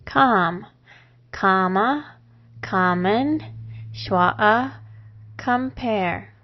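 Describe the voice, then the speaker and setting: A woman teaching a phonics lesson, sounding out syllables and words one at a time with long pauses between them. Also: medium pitch. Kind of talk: slow, deliberate phonics lesson. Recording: dull lo-fi recording.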